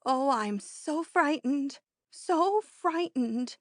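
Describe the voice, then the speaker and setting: A woman's voice: a little high, steady tone, takes it slowly, no room sound, studio quality. A woman voicing a frightened, fretful friend in an audiobook, with wailing, trembling pleas. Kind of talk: audiobook character reading.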